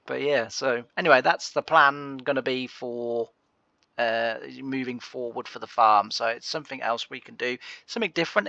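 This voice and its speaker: A man's voice: medium pitch, vocal fry, bright, forceful tone, no echo, highs cut off. A man giving casual, rambling gameplay commentary on a farming game, full of fillers and asides.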